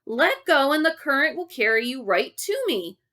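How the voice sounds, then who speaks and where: A woman's voice: high-pitched, sing-song, moderate pace, pitched above the performer's own voice, heavily acted. A woman voicing Dale, a boy calling out from the water and coaxing his friends to trust him. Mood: urgent coaxing. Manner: coaxing, shouting.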